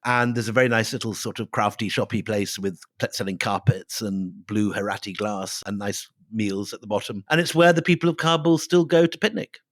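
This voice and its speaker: A man's voice: lowish voice, brisk, few pauses, a bit bright, no room sound, studio quality. A middle-aged man co-hosting a history podcast, telling the story with dramatic flair and reading quotes aloud.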